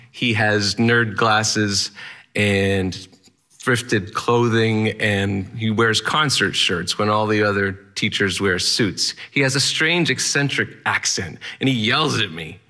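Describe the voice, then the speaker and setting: Male storyteller with a lowish, bright, forceful voice, delivering a punchy first-person tale. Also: a little slow. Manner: vivid present-tense narration with rhythmic, punchy phrasing.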